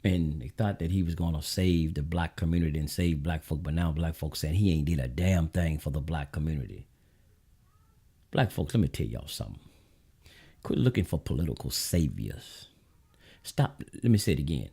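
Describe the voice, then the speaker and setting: A man's voice: very deep voice, moderate pace, dark tone, breathy edge. A man with a Southern US accent hosting his own show, giving a blunt, preachy political monologue straight to his viewers. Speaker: show host.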